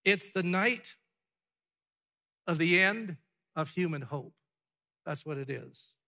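Male pastor, slightly high and forceful, emphatic sermon delivery with rhetorical questions, hall reverb. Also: expressive, slow pace, long pauses. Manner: emphatic, repeated rhetorical questions, swings from loud to hushed.

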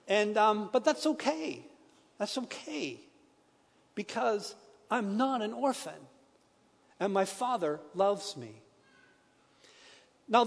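A middle-aged man preaching a personal testimony sermon in a church, earnest, moving between hushed and emphatic. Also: sits high, long reverb tail.

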